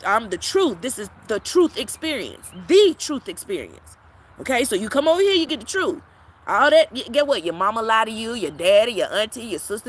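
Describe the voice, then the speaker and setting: A brash woman lectures her followers in a blunt live-stream chat, cursing freely. Her fairly high, bright voice swings widely in pitch and jumps to loud peaks. A faint hiss of noise sits under the recording. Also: low-quality recording. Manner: brash, profane, preachy, with sudden loud peaks. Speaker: tarot reader and teacher.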